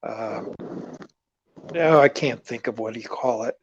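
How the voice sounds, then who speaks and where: Slow rambling man on a muffled call. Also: medium pitch, noisy background. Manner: rambling, joking, searches for words. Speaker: guest caller. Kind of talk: casual chat.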